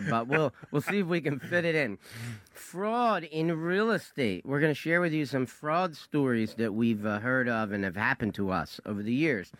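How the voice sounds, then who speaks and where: Man, radio host, upbeat promo delivery, bright voice, dry sound. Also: a little high, no room sound. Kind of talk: radio show opening.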